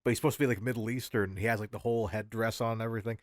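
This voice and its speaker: A man's voice: on the low side, fairly even intonation, no echo. Rambling male podcast co-host, dry sound. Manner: rambling, searching for words, quick to laugh. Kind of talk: casual podcast chat.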